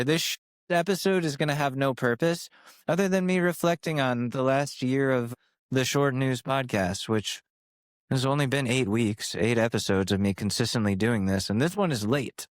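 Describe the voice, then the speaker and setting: In a dry recording, a man with a medium-pitched voice rambles sarcastically and profanely through a casual solo monologue on his own podcast. He's in his twenties and uses a compressed studio mic.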